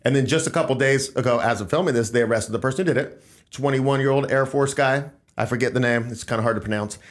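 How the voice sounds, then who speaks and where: A man's voice: mid-range voice, fast. Opinionated man on a podcast. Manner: opinionated, emphatic, rambling. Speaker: podcast host. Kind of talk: casual political discussion.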